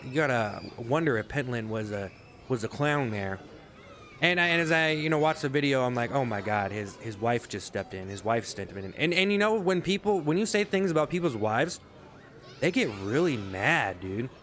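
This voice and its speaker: A man's voice: a little high, fairly bright tone. A man ranting in a sarcastic, rambling comedic monologue, swearing often, in a casual vlog. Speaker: vlogger.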